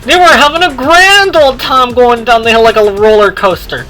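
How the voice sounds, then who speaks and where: A woman narrating a homemade train story in an unhurried, sing-song storytelling manner. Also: fairly high pitch, fairly bright tone, soft background music.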